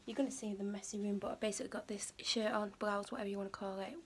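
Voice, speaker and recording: A woman's voice: medium pitch, level tone, racing, slight background noise. A young woman chatting to camera in a rambling vlog, full of fillers and retold conversations. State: out of breath. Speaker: vlogger. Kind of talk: casual vlog chat to camera.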